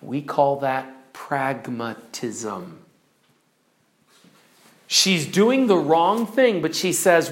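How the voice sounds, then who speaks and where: Preacher, Bible lesson, dramatic allegory storytelling, very lively pitch, mid voice. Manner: animated, dramatic storytelling, drops to slow emphasis.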